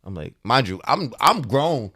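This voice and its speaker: This podcast co-host, a man in his thirties, has a medium-pitched voice with a breathy edge and talks unhurriedly. Telling a story in casual chat, he stays animated and laughs often while acting out the voices.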